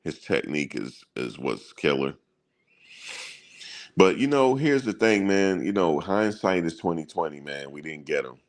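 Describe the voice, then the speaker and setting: A man's voice: sits low, sing-song, measured pace. A man hosting a sports channel, chatting casually in loose, slangy banter and chuckling at his own stories.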